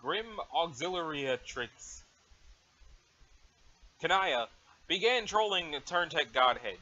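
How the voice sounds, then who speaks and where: A man's voice: a little high, expressive, slow, long pauses, pushed and bright. A man casually reading a webcomic aloud on a dull lo-fi mic. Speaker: reader.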